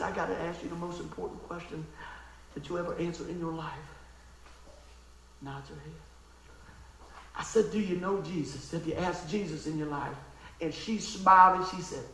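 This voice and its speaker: A man preaching in a folksy, emotional storytelling style, dropping to a hush and then rising to exclaim. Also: high-pitched, a little fast, creaky, pauses often, reverberant, slight background noise, rough recording. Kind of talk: storytelling sermon.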